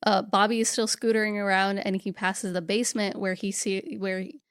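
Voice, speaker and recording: A woman's voice: mid-range voice, steady tone, brisk, smooth, no echo. Woman recapping a movie, dry sound. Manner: detailed retelling with acted quotes. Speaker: podcast co-host. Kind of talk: casual movie recap chat.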